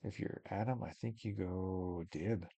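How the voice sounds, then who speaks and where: A man with a low, gravelly voice commentates a card game in a relaxed, thinking-aloud way. His tone is dark and mellow, recorded close and dry. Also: a little slow, dry recording. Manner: musing, thinks aloud with many maybes. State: yawning, tired. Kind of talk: casual match commentary.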